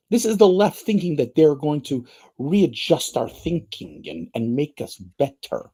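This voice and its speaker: Animated, stammering man in heated commentary. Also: a little high, measured pace, vocal fry, husky. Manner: animated, repeats words and stammers when fired up. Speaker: podcast co-host.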